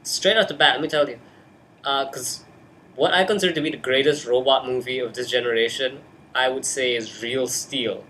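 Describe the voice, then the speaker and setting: A man's voice: medium pitch, steady tone, normal speed, pushed and bright, a little hiss or hum. A young man talking casually about a film into a webcam in his bedroom, hyper and jokey. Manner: hyper, jokey, breaks into silly put-on voices. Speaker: host. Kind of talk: casual movie chat.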